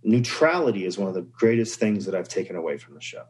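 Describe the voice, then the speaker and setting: Low-voiced, reflective man. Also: sing-song, fast talker, a little mellow, low-quality recording. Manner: reflective, earnest, storytelling. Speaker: podcast guest. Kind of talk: casual conversation.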